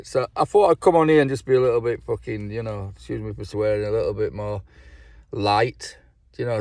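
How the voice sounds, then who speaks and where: Casual man telling jokes online, rambling and foul-mouthed, medium pitch, dry close sound. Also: a little mellow, no room sound. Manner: rambling, swears a lot, laughs at his own jokes. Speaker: vlogger. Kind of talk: casual joke-telling to camera.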